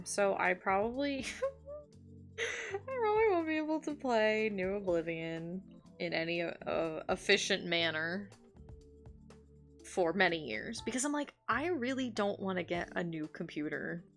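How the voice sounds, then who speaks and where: A woman talks loosely to her stream viewers from home, filling her sentences with "like" and breaking into laughs. Her voice sits in a middle range with a gravelly fry at the ends of phrases. Soft guitar music plays faintly underneath. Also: medium pitch. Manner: chatty, rambling with many "like"s, laughs often. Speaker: art streamer. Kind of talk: casual stream chat.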